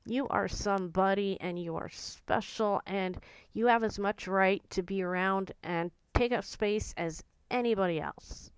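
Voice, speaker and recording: A woman vlogger talking in an earnest, gentle and confiding way about her own feelings. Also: mid-range voice, a little slow, clear, resonant tone, no room sound. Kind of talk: personal reflective talk to camera.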